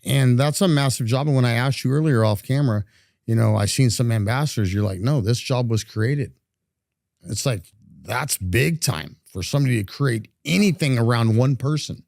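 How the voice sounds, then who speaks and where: A man's voice: mid-range voice, moderate pace, gravelly, darkish tone, dry recording, clean studio sound. A man hosting an interview, praising his guest at length. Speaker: host.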